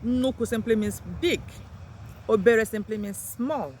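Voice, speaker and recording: Slow woman teaching vocabulary. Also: a little mellow, slight background noise. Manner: lifts words sharply in pitch when introducing them. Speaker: language teacher. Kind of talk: slow vocabulary lesson, repeating each word.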